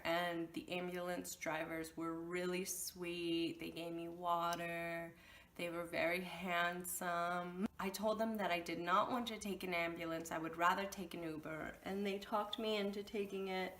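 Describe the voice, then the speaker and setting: A woman's voice: on the low side, fairly bright tone, slight background noise. A young woman telling a storytime vlog, heated and emotional, swearing openly as she recounts what happened to her. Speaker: vlogger.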